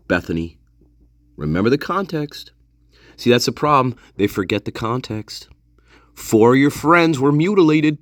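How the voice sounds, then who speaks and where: Man, sarcastic profane commentary, laughs a lot, highish lively voice, dry close mic. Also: dry recording. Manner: sarcastic and animated, swears and laughs often. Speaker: true-crime commentator.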